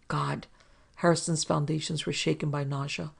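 A woman narrating a pulp adventure story for a podcast in a measured, even way. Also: low-pitched, vocal fry, husky. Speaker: narrator and producer.

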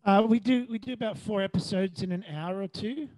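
Easygoing Australian male voice actor, higher register, dry close mic. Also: brisk, darkish tone, no echo, low-quality recording. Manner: easygoing, chuckling. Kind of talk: casual interview chat.

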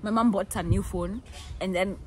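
A Kenyan woman in her twenties, telling stories in a lively, playful way and acting out the people she quotes. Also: mid-range voice, moderate pace, a little hiss or hum. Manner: animated, playful, laughs often, acts out quotes. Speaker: vlogger. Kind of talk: casual storytelling.

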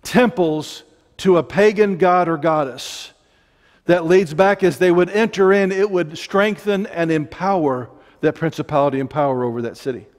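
High-voiced impassioned preacher with an Ozarks accent. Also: male voice, normal speed, in a large hall. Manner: impassioned, digressive, joking asides. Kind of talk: sermon.

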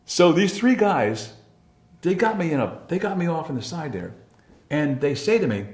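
A man's voice: fairly high pitch, very animated, moderate pace, a little mellow. An older man telling a story from his past in a blunt, profane way, often restarting his sentences. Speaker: interviewee recalling past. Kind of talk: candid storytelling. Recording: roomy echo.

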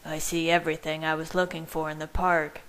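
A young man trying to sound cheerful, read by a woman in her own low voice for a fan fiction reading. He talks quickly and casually. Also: little pitch movement, fairly bright tone, clean tone.

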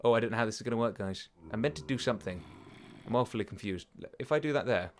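A man's voice: fairly low pitch, animated, quick pace, a little hiss or hum. A young British man hosting a let's play from his bedroom, chatting in a rambling, easily flustered way. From United Kingdom. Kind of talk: casual gaming commentary. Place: home bedroom.

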